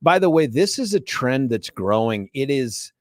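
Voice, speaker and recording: A man's voice: medium pitch, big pitch swings, moderate pace, darkish tone, no room sound. A man hosting a talk radio show, delivering an opinionated, sarcastic monologue and mocking others in put-on voices, on a studio microphone.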